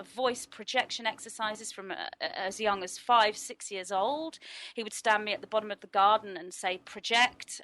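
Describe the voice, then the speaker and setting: A woman speaking as a spiritual interview guest, explaining in an earnest, flowing way with a deliberately trained, resonant voice. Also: medium pitch, bright, forceful tone, slight background noise.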